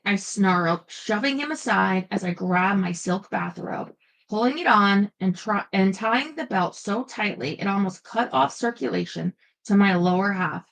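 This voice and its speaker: A woman's voice: mid-range voice, moderate pace, rough recording. A woman reading a first-person paranormal romance aloud with playful expression, stopping now and then for chatty asides. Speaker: audiobook narrator.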